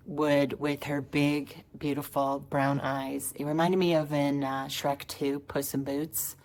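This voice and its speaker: A woman's voice: low-pitched, darkish tone. A woman comedian telling a family holiday story in a wry, conversational way. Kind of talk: storytelling stand-up clip.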